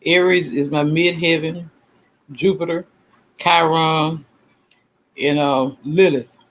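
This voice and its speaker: A man's voice: on the high side, steady tone, slow pace, fairly bright tone, poor audio. Rambling self-assured man, raised voice. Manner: rambling, emphatic, self-assured, repeats himself. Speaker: channel host. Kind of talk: casual livestream talk.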